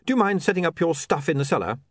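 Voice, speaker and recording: Man doing an anxious young editor, fretful, hesitant, high voice, dry close sound. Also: very animated, fast, husky, no echo. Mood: uneasy.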